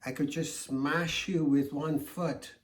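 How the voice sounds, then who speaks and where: A man's voice: fairly high pitch, fairly even intonation, takes it slowly, pitched above the performer's own voice. A man voicing a huge, proud male elephant who speaks in an indignant, boastful way in a folk tale. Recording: echoey room.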